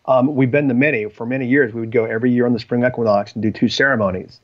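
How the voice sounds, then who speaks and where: This man's voice is medium in pitch and steady in tone, and he speaks quickly. As a podcast guest, he shares personal stories in loose conversation, frequently hesitating with ums and restarting, all on slightly dull lo-fi audio.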